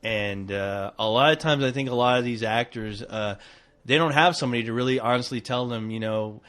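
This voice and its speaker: A man co-hosting a podcast in casual chat, hesitant, with many restarts, trailing off softly. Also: mid-range voice, fairly quick. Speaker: podcast co-host.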